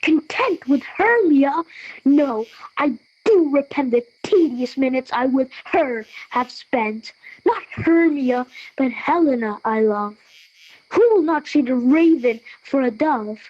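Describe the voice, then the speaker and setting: A woman's voice: high voice, expressive, dull audio. A teenage girl voicing an ardent, lovesick young nobleman, reading verse in a school audio play. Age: teens. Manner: earnest measured verse reading. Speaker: student actor.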